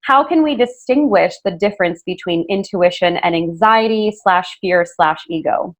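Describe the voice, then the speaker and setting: A woman's voice: fairly low pitch, normal speed. A woman hosting a podcast interview, talking in an earnest, casual way with many fillers and self-corrections. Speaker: podcast host interviewing a guest.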